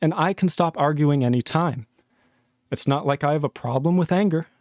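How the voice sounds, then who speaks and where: A livestream host argues angrily with his chat, swearing a lot. His voice is on the high side and a little mellow at normal speed, recorded at studio quality with no room sound.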